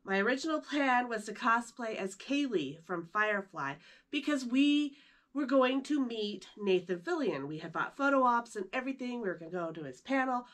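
A woman's voice: a little high, fairly bright tone. A woman vlogger talking casually to camera in an upbeat, chatty way while losing her voice. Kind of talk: casual vlog talk to camera.

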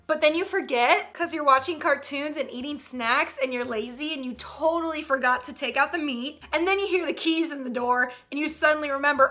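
A woman's voice: sits high, a little fast, few pauses, bright, forceful tone. A young woman in her twenties giving casual comedic commentary, chatty and laughing often with playful slang. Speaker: YouTuber reacting to memes.

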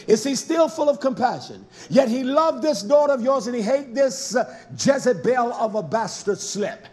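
A man's voice: very high-pitched, expressive, normal speed, darkish tone. A man preaching a fiery, confrontational sermon, scolding his listeners and firing rhetorical questions at them.

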